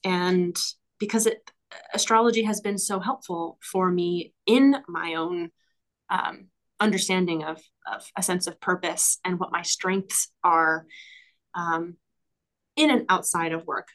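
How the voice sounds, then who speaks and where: A woman's voice: lowish voice, steady tone, unhurried, a bit bright. A woman speaking as a guest on a podcast, in a reflective, enthusiastic way, with frequent fillers and small laughs. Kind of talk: casual conversational interview.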